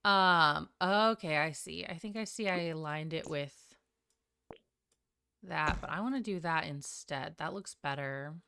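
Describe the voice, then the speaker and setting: A woman's voice: deep voice, unhurried, vocal fry, sharp tone, a little hiss or hum. Sing-songy chatty woman streamer. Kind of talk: casual live-stream chat while gaming.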